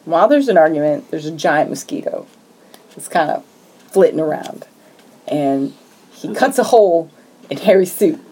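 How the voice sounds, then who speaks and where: Mellow-voiced woman recapping a film. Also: sits low, moderate pace, long pauses, slightly rough, poor audio. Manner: lively storytelling, acts out lines from scenes. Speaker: podcast co-host. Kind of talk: casual movie recap chat.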